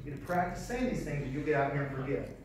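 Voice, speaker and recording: A man's voice: a little high, fast, far from the mic, crowd noise. Folksy male sales trainer in an echoey hall. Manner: folksy, animated, repeats key phrases. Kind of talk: live seminar teaching.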